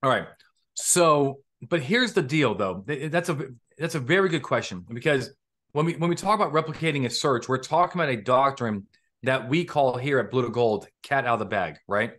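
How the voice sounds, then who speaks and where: A man's voice: medium pitch, animated, normal speed, a bit bright. A man hosting a live online legal training for police officers, lecturing casually and quizzing his audience with questions.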